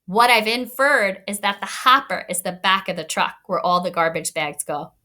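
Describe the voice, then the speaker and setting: A woman's voice: medium pitch, steady tone, moderate pace, pushed and bright. A woman teacher giving a read-aloud lesson to young children, encouraging and thinking aloud as she explains.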